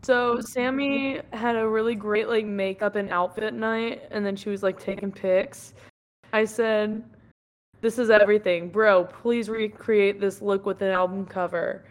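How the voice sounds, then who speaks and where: A young woman co-hosting a podcast, telling rambling stories in casual chat and giggling often. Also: medium pitch. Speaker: podcast co-host.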